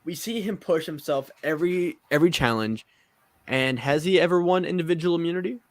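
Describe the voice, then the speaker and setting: A man's voice: a little high, fairly quick, no echo. Joking man on a dry mic. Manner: relaxed and joking, hedging his opinions. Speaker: podcast co-host. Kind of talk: casual chat.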